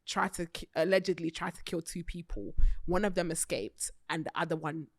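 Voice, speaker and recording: A woman hosting a podcast, talking in a chatty, animated way, laughing often and swearing freely. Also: fairly low pitch, a little fast, no room sound, clean studio sound. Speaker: podcast host. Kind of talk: casual chat.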